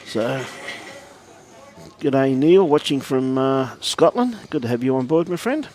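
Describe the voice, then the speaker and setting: A man's voice: mid-range voice, lively intonation, a little slow, dark tone, a little hiss or hum. An Australian man commentating a lawn bowls match in a chatty, joking way, greeting viewers and calling people mate. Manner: chatty, laughing, calls everyone mate. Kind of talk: live sports commentary.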